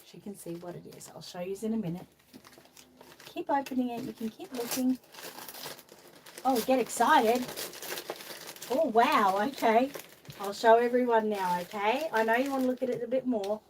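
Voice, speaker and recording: A woman's voice: on the high side, moderate pace, long pauses, slight background noise. An Australian woman hosting a casual live stream, reading viewer comments aloud and coaxing a doll in a fond sing-song voice, laughing often. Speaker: vlog host.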